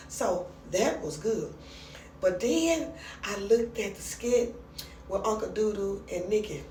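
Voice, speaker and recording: A woman's voice: mid-range voice, slow pace, far from the mic, slight background noise. Chatty woman recapping a skit, roomy. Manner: chatty, retells scenes with animated quoted voices. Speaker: reaction commentator. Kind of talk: casual recap of a comedy skit. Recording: roomy sound from off the mic.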